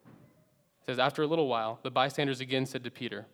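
A man's voice: fairly even intonation, fast talker. Earnest preacher man in a reverberant hall. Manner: earnest, dramatic shifts between loud emphasis and hushed low phrases. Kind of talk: sermon.

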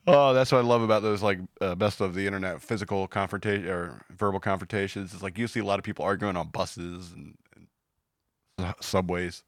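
A man's voice: deep voice, steady tone, a little fast, dry recording, studio quality. A man hosting a podcast in casual banter, rambling and joking about news stories. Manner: joking, rambling, puts on silly voices. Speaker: podcast host.

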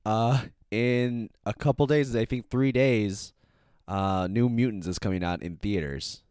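A man's voice: lowish voice, measured pace, darkish tone, clear, resonant tone, no echo, clean studio sound. A man co-hosting a podcast, rambling through stories and laughing often. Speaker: podcast co-host. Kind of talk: casual chat.

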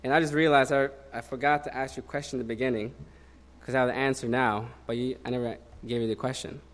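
A man in his thirties preaching a sermon in a relaxed, conversational way, telling a personal story with many fillers. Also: medium pitch, fast.

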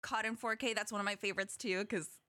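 A young woman hosting a casual podcast chat, animated and laughing often. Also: mid-range voice, quick pace, no room sound, studio quality. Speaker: podcast host.

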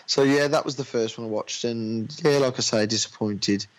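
In this low-quality recording, a man with a medium-pitched voice chats casually about films he's watched. He's an adult with a daughter, talks loosely, calls people "mate", and acts out little anecdotes in quick voices.

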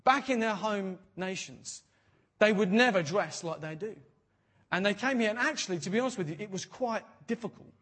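Man, pastor, sermon, husky, high voice, lively with hushed asides. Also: normal speed. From Britain. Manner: animated, jokey preaching with quoted voices and sudden drops to a hush.

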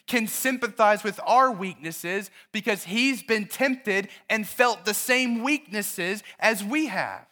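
Man preaching, sermon, high bright voice, lively storytelling, church. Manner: storytelling, animated, asks the listeners questions. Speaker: pastor.

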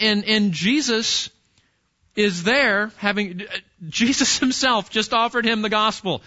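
Animated preaching man, high bright voice. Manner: animated preaching, addresses listeners as guys. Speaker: pastor. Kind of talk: sermon. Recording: dull lo-fi recording.

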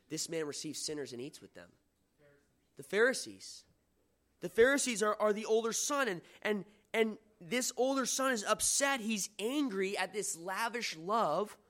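Man preaching, fairly high voice, earnest and conversational, reads scripture with emphasis. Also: a bit bright. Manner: earnest, conversational, asks the listeners questions. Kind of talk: sermon.

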